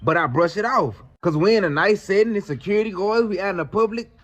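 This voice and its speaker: A man casually telling a true story, slangy and animated, full of fillers. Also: sits high, fast.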